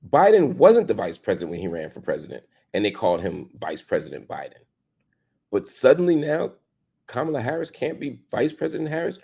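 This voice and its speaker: Brisk, mellow, and husky with vocal fry, this opinion show host swings his pitch hugely. He argues emphatically through rhetorical questions and casual slang, with pitch jumps driving home his stresses.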